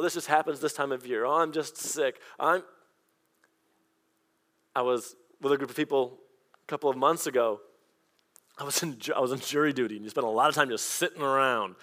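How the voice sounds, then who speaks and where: A man preaching a sermon as pastor, telling personal stories in a lively conversational way. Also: mid-range voice. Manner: storytelling, animated and conversational.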